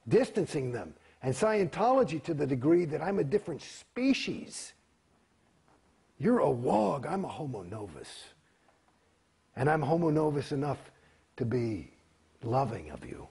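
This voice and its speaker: A man giving a candid interview in a heated, profane, rambling way, swearing often, in a gravelly, husky voice. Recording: quiet, low-volume recording.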